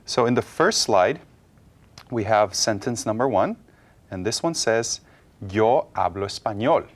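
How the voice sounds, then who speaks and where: A man teaching a Spanish lesson on a television program, speaking patiently and repeating example sentences slowly and clearly. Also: fairly low pitch, expressive. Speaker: Spanish instructor. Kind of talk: classroom lesson dialogue. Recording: television studio dialogue.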